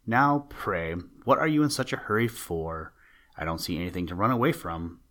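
A curious, playful skunk scolding with pretend severity, put on by a man reading a storybook. The voice sits fairly low. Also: lively intonation, normal speed, fairly bright tone. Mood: mock-severe. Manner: teasing, mock-severe. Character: teasing, curious male skunk. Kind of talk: storybook character voice.

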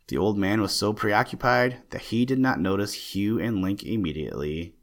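A man reads an audiobook aloud in a steady, plain way. His voice sits very low. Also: moderate pace, few pauses. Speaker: narrator. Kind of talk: audiobook narration.

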